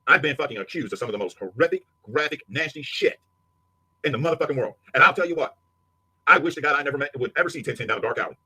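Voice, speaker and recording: A man's voice: fairly high pitch, lively intonation, rapid-fire, pushed and bright, breathy edge, dry recording. A man delivering a profane, aggressive rant at a rival streamer, hurling insults. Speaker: livestreamer. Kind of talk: angry rant.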